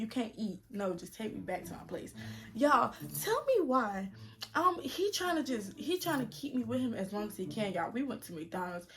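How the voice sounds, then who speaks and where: A woman in her twenties telling a story to the camera in a casual vlog, animated and slangy, talking straight to her viewers. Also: a little high. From United States. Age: 20s. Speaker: vlogger.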